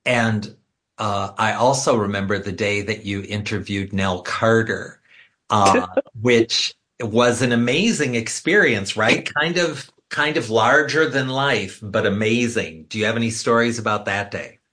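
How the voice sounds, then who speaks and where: A man interviewing a guest, asking eager questions and offering warm compliments. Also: on the low side, unhurried. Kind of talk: conversational interview.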